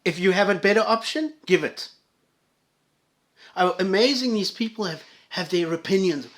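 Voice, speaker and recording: Man, highish voice, angry profane rant, sarcastic asides, swings from shouting to muttering. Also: moderate pace. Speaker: commentator reacting to videos. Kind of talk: profane ranting commentary.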